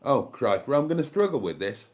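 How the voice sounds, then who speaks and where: A man's voice: mid-range voice, very animated, a little fast. Chatty older South Welsh man. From South Wales. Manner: rambling and chatty, thinking aloud, thanking viewers. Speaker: live-stream host. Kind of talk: casual live-stream chat.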